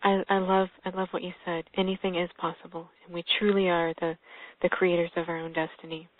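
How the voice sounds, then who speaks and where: Woman, host, earnest chat, low voice, tinny phone line. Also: little pitch movement, brisk, no echo. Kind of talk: casual chat on a call.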